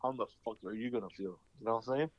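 Young LA host, loose rambling talker who curses a lot, dry and slightly muffled. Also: male voice, lowish voice, racing, dry recording. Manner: swearing, rambling storyteller. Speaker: podcast host. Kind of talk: casual chat. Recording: dull lo-fi sound.

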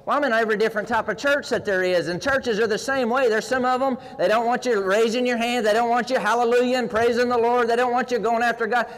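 High-voiced preacher in a reverberant hall. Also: male voice. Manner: passionate, builds to near-shouting in acted prayers; folksy, uses roping and gym stories. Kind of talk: sermon.

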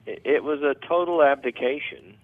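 Man, phone guest, policy advocate, halting, many fillers, tinny phone sound. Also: fairly high pitch. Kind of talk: phone interview. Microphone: telephone.

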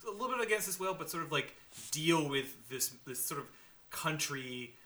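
A man's voice: a little high, lively intonation, normal speed, bright, forceful tone. A man co-hosting a podcast, chatting casually about a movie, rambling with restarts and frequent laughter. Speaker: podcast co-host. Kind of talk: casual movie review chat.

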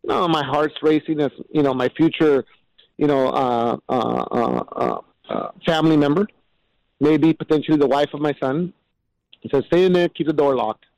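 A man's voice: fairly high pitch, moderate pace, vocal fry, dry recording, dull audio. A middle-aged man, a mayor and guest, telling stories in an interview and acting out what people said. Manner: animated storyteller, acts out quotes. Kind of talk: storytelling interview talk.

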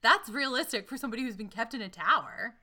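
A woman co-hosting a chat show, retelling a fairy tale in a wry, animated way. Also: on the high side, quick pace. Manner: wry, animated, swears casually. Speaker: podcast co-host.

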